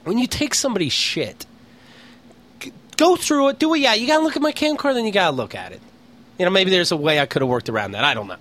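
A man's voice: sits high, big pitch swings, fast, fairly bright tone. A man from Pennsylvania co-hosting a podcast, telling an exasperated, profane story in casual comedic chat. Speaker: podcast co-host.

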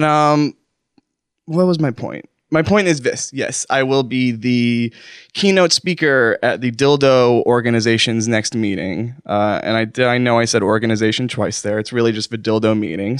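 A man's voice: medium pitch, moderate pace, clean tone, no echo, studio quality. A man hosting a comedy call-in show, rambling through his announcements, flustered and constantly correcting himself. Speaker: host. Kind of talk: improvised comedy monologue.

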